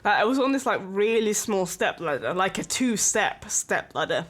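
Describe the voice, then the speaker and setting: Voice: medium pitch, sing-song, normal speed, a bit bright. A streamer chatting casually and rambling, with lots of filler words and small laughs.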